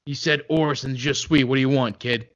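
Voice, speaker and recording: A man voicing a gruff, boastful male metal singer telling a bedtime story to kids in a comedy podcast sketch. He talks dismissively and hesitantly, filling his speech with "uh" and "okay?". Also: medium pitch, fairly even intonation, normal speed, fairly bright tone, highs cut off, close to an everyday voice. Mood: grumbling.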